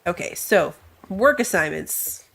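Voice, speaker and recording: A woman's voice: on the low side, sing-song, slow pace, creaky, a bit bright. A woman with a stuffy nose from allergies gives casual let's-play commentary. She thinks aloud as she plays, reads game text, and laughs at herself. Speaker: gamer. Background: game music.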